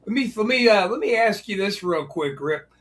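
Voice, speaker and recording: A man's voice: high voice, expressive, moderate pace, fairly bright tone. A man hosting a podcast, asking questions and tossing in joking asides. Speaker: host. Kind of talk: podcast interviewing.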